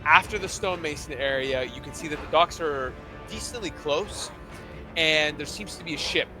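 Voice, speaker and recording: A man's voice: on the high side, normal speed, over music. A man narrating a tabletop game as its game master, loose and rambling with many fillers.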